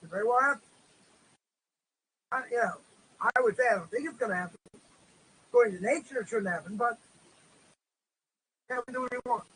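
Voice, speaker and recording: A man's voice: very high voice, brisk, long pauses, bright, forceful tone, husky, poor audio. A man teaching a religious course as a rabbi, in a casual lecture style full of "you know" fillers, who tells stories and acts out their voices. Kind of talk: informal lecture. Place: Israel.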